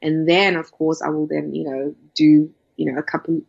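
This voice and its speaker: A woman's voice: sits low, flat delivery, moderate pace, creaky, a little mellow, breathy edge. A woman in casual chat, talking with emphatic enthusiasm and telling travel stories. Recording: dull lo-fi sound.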